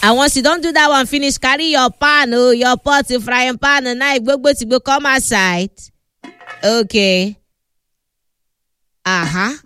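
Her voice sits high, pushed and bright, clear and resonant, and she takes her time with long pauses. A Nigerian-accented woman hosting a studio cooking show, she guides viewers through a recipe in lively pidgin, chatty and teasing, fond of sound words.

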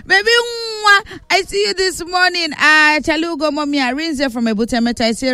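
A Nigerian woman hosting a morning radio show, giving lively, singsong greetings and shout-outs that mix in Pidgin. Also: high voice, moderate pace, few pauses, no echo. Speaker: radio host.

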